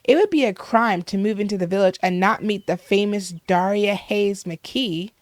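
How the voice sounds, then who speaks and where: A woman's voice: mid-range voice, moderate pace, dry recording, lightly acted. A woman reading a vain, stuck-up young woman from a game in a haughty tone. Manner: haughty, self-important.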